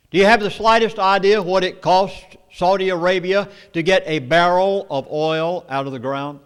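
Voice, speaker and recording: Southern guy giving an emphatic talk, kinda high voice, long hall echo. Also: smooth. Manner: emphatic, storytelling, drawn-out dramatic pauses. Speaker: speaker at a meeting. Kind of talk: public lecture to an audience.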